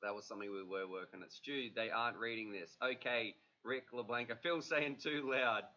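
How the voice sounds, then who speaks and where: A man's voice: medium pitch, normal speed, pushed and bright. A man hosting a livestream, chatting casually and rambling with plenty of fillers. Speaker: livestream host. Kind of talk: casual chat. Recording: dull lo-fi livestream audio.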